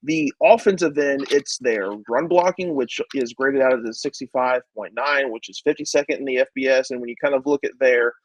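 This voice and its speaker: A man's voice: mid-range voice, fairly quick, few pauses, slight background noise, poor audio. A man co-hosting a sports podcast, chattily walking through statistics and quizzing the others. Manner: chatty, presents stats with quizzing asides. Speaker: podcast co-host, stats segment. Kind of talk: casual sports podcast chat.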